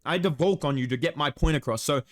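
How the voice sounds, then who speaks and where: Ranting, profane man with a higher voice. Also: quick pace, dry recording, clean studio sound. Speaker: podcast co-host. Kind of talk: casual sports reaction chat.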